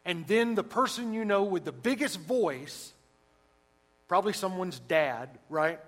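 Male preacher, fairly high-pitched, emphatic, loud-to-soft dynamics. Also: measured pace, rough recording. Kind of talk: sermon.

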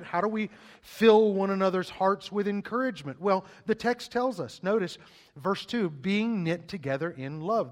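A middle-aged man preaching from the pulpit in a fairly high voice. He drives his points home emphatically and tumbles over repeated words when he gets going. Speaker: pastor. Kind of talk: sermon.

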